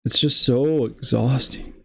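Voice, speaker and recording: A man's voice: mid-range voice, measured pace, vocal fry, fairly bright tone, husky. A young man hosting a political commentary show, delivering a casual, exasperated rant full of fillers and restarts.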